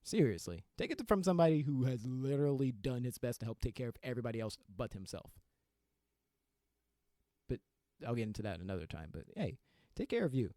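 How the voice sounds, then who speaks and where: A man's voice: medium pitch, lively intonation, brisk, warm tone, dry recording, studio quality. A young adult man hosting his own podcast, talking candidly and with self-deprecating humor in a solo rant, often breaking into laughter. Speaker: podcast host.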